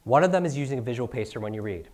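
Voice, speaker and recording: A man's voice: medium pitch, lively intonation, very fast, a little mellow. A middle-aged man teaching a seminar to a live audience, firing off rhetorical questions and tagging lines with "right?". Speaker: speaker teaching speed reading. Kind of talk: energetic live seminar talk.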